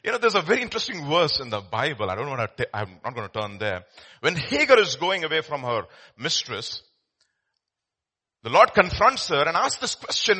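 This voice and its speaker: A man's voice: on the high side, big pitch swings, fairly quick, pushed and bright, breathy edge. A man preaching a sermon as pastor, telling stories in a conversational way with many fillers and restarts.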